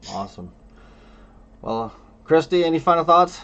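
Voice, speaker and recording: A man's voice: a little high, animated, normal speed, fairly bright tone, lo-fi sound. A man hosting a casual talk show, laid-back as he steers and wraps up topics. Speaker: host. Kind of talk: casual chat.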